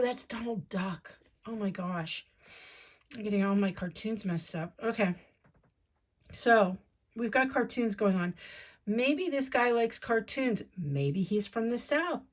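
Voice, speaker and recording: A woman giving a casual tarot reading, chatting and thinking aloud as she goes. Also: on the high side. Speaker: tarot reader.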